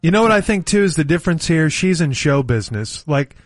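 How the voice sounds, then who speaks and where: A man's voice: a little high, expressive, fairly quick, no echo. A man co-hosting morning radio, wryly moderating the debate and reading the show intro. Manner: wry, moderating.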